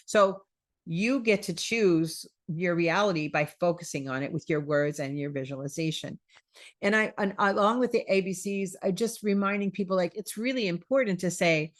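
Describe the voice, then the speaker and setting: A woman's voice: on the low side, normal speed. A woman hosting a spiritual wellness talk, chatting casually, repeating phrases and acting out quoted self-talk.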